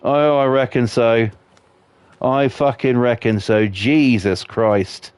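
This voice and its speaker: A man's voice: mid-range voice, steady tone, takes it slowly, darkish tone, smooth, no room sound. A man live-streaming a game, ranting about football and reading chat with constant swearing. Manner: profane, ranting, heavy swearing.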